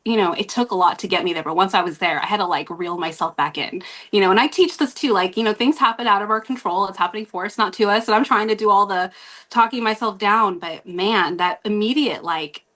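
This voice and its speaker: Casting: woman, guest host on a podcast, mid-pitched, chatty and rambling storyteller who laughs often. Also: brisk, a bit bright.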